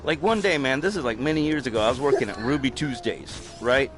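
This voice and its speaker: A man's voice: mid-range voice, fast. A man telling a long story in casual chat, profane and rambling, with many fillers. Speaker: podcast host.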